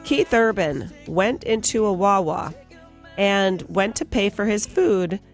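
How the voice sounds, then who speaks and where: A woman co-hosting a morning radio show, reading entertainment news and telling stories briskly. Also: medium pitch, expressive, soft background music. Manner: brisk storytelling, bright laughs.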